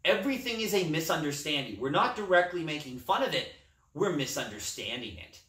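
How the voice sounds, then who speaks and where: A man's voice: a little high, big pitch swings, fairly quick, sharp tone. A man co-hosting a casual movie podcast, talking enthusiastically and rambling about a film he loves. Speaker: podcast co-host. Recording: echoey room, distant mic.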